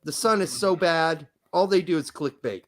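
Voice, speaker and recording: A man's voice: fairly high pitch, moderate pace. A man co-hosting a casual soccer podcast, talking bluntly and swearing as he rants. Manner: blunt, profane and ranting. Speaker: podcast co-host.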